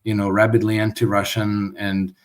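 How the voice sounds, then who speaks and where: A man's voice: lowish voice, completely flat delivery, moderate pace. A man giving an interview as a guest commentator, talking in a thoughtful way and often restarting his words. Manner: thoughtful, with frequent restarts and stammers. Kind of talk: conversational interview.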